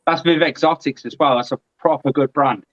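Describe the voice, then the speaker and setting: Chatty guy on a video call, slightly high voice, muffled lo-fi audio. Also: a little fast, dry recording. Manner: chatty and animated. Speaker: guest. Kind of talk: casual live-stream chat.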